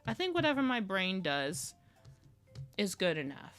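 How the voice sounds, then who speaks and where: Lively, bright-voiced woman chatting while drawing. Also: mid-range voice, a little slow, faint music behind. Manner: rambling, self-talking, playful. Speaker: digital artist streaming her drawing process. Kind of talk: casual live-stream chat while drawing.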